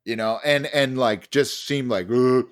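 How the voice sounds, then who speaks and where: A man's voice: mid-range voice, unhurried, fairly bright tone, clean tone. A man co-hosting a podcast, telling a story in casual chat, full of fillers, restarts and swearing. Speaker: podcast co-host.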